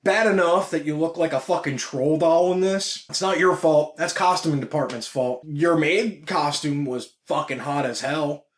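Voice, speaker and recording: A man's voice: fairly high pitch, moderate pace, hardly any pauses. A man casually reviewing a film, blunt, swearing a lot and gushing with enthusiasm. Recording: echoey room.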